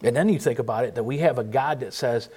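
A man preaching an informal sermon, earnest and emphatic, often restarting and pausing mid-thought. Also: medium pitch, darkish tone, husky. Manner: earnest, emphatic, with frequent restarts and halting pauses.

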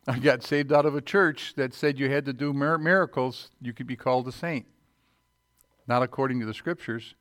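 A man's voice: mid-range voice, fairly even intonation, moderate pace, fairly bright tone, dry recording. Man preaching a dry, close sermon. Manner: reads scripture aloud, checks in with "Okay?".

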